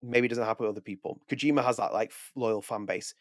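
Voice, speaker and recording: A man co-hosting a video podcast, talking casually in a rapid, animated way with frequent restarts. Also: lowish voice, no room sound, clean studio sound. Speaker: podcast co-host. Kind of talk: casual chat.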